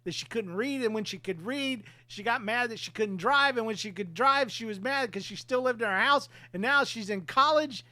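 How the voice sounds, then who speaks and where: A man's voice: very high-pitched, normal speed, hardly any pauses, sharp tone, dry recording. A man in his forties, a podcast host, talking candidly about family in casual chat, laughing between thoughts.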